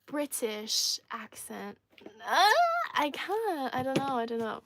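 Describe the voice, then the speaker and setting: A woman's voice: high voice, expressive, slow pace, noisy background. A young woman from China hosting a casual livestream, chatty and playful, laughing often and repeating herself as she reads comments. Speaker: livestream host.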